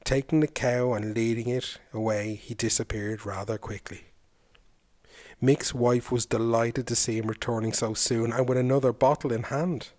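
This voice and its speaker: A folklore podcast host with a mid-range, slightly mellow voice narrates a folk tale, then chats reflectively about it. He keeps a steady tone at a normal speed.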